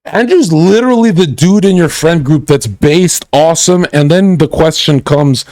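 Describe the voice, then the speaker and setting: A man's voice: on the high side, moderate pace, hardly any pauses, darkish tone, no room sound. A man ranting and mocking as he reacts to a video on a livestream, crude and profane.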